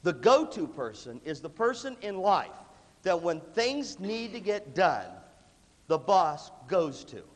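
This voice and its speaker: A man giving an animated motivational leadership talk to music students, emphatic and punchy, with a cough that breaks in now and then. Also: high-pitched, takes it slowly. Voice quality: lively, emphatic delivery with repeated punchy phrases. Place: large hall with an audience. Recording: long reverb of a large hall.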